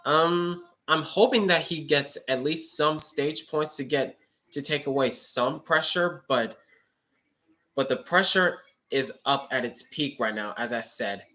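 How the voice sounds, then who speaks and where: A man's voice: a little high, measured pace, bright, forceful tone. A man streaming casual live race reactions, chatty and rambling, often restarting his sentences. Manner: rambling, chatty, repeats himself.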